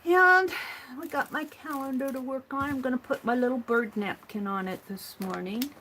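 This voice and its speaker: A woman's voice: high-pitched, steady tone, fairly quick, a little hiss or hum. A woman hosting a casual morning art livestream, chatting to herself and her viewers as she works at her craft table. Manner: chatty, talks to herself while working. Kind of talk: casual chat while crafting.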